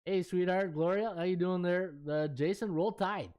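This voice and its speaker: A man's voice: sits high, moderate pace, darkish tone, smooth. A middle-aged man, a sports betting handicapper chatting casually on a live stream and thinking aloud as he scrolls through stats.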